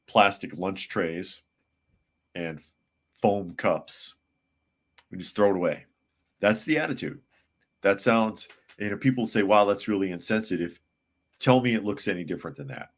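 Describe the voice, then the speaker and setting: A man hosting a live podcast, reading chat comments aloud and giving blunt, sarcastic opinions. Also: sits low. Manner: blunt, sarcastic, mocks others in put-on voices.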